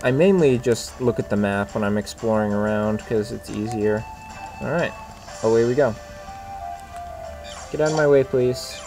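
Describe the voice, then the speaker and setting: A man's voice: medium pitch, normal speed, pauses often, over music. A man casually commenting while playing a video game, chatty and offhand. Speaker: let's player.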